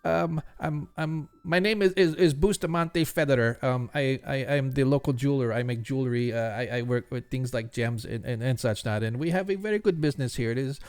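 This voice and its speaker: A man's voice: mid-range voice, brisk, hardly any pauses, a little mellow, clean tone, natural voice. A man voicing a nervous, stammering middle-aged male jeweler who is worried about a missing friend.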